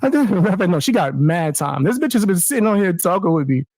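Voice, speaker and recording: Mocking male streamer, taunting in a lively, sing-song voice; dry recording. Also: sits high, a little fast, dry recording. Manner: taunting, mocking, laughs between insults. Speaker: streamer on a call-in panel. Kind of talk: heated online argument.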